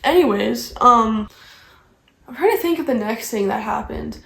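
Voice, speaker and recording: A young woman vlogger telling a story in casual chat, rambling and filling every pause with "like". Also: fairly high pitch, expressive, creaky, fairly bright tone. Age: young adult. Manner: rambling, heavy use of "like". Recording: echoey room.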